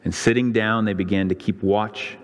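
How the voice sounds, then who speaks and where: Pastor, male, lower pitch, dramatic sermon storytelling, church-hall reverb. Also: fairly even intonation, normal speed. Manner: dramatic storytelling, voicing the crowds' and priests' lines with rising pitch. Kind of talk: sermon retelling a scripture story. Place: church sanctuary.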